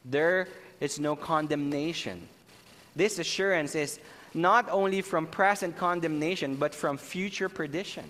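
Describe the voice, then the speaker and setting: A man preaching a sermon as pastor, slow and emphatic, stressing key words. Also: a little high, fairly bright tone. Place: church sanctuary. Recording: church hall reverb, faint ambience.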